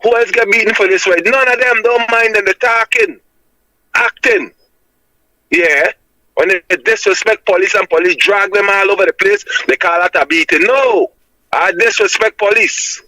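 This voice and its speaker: A man's voice: high voice, moderate pace, sharp tone, no room sound, low-quality recording. A Jamaican man calling in to reason, talking in an emphatic, preaching way and tagging "my lad" onto his points. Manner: emphatic and insistent, repeating "my lad" as a tag.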